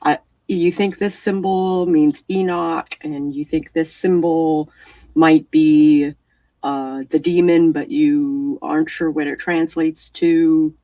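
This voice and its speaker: A woman acting as storyteller for a tabletop role-playing game, talking in a relaxed, hesitant way with many fillers. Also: low voice, slow pace, no echo, distant mic.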